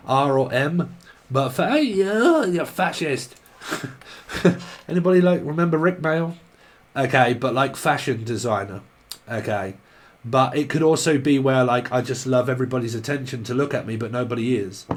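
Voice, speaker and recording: Rambling, swearing man. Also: medium pitch. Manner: rambling, joking, swearing freely, bursts into song. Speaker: tarot reader. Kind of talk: casual rambling tarot reading.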